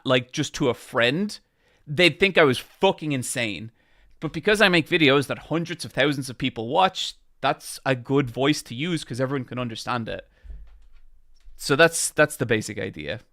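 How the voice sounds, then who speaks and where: A man's voice: mid-range voice, sharp tone, no room sound, studio quality. A man with an Irish accent chatting on a live stream into a microphone. He projects his voice and rambles with many fillers. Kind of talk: casual chat on a live stream.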